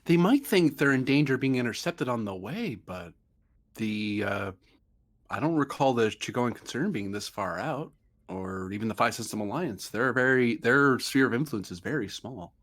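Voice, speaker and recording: A man's voice: medium pitch, expressive, moderate pace, fairly bright tone. A man playing an online tabletop game, wry and thinking aloud with frequent fillers. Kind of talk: casual game chat.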